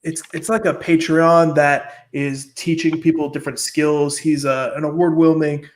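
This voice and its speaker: Man, casual podcast chat, slightly high pitch, rambling, lots of fillers, swears. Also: flat delivery, normal speed. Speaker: podcast host.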